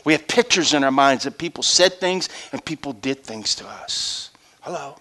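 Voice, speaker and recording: A middle-aged man preaching a sermon, acting out voices and swinging from hushed asides to shouts. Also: medium pitch, expressive, normal speed. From Louisiana.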